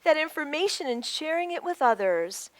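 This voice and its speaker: A woman's voice: high-pitched, normal speed, dry recording. A woman reading a picture book aloud to children, stopping to add lessons and asides. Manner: animated, with teaching asides. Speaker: children's story-time reader.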